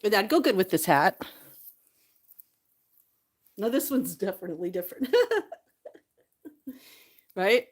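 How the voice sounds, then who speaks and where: A woman's voice: medium pitch, lively intonation, slow pace, long pauses. A woman vlogger chatting casually to the camera, tearful at times and laughing often between lines.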